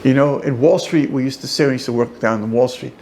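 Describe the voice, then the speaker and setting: A man teaching an informal class as a rabbi, an animated storyteller who jokes and goes off on asides. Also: mid-range voice, fast, slight background noise. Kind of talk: informal lecture. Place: study hall.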